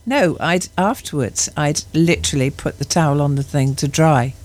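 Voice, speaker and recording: A woman's voice: sits low, normal speed, a little mellow. A middle-aged woman co-presenting a radio show, bantering in a giggly, mock-indignant way. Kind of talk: casual radio chat.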